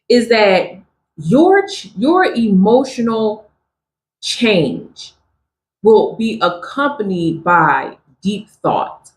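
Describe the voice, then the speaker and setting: A woman's voice: fairly high pitch, reverberant. Emphatic woman doing a tarot reading. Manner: emphatic, repeats catchphrases to her audience. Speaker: tarot reader. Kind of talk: spiritual tarot reading to viewers.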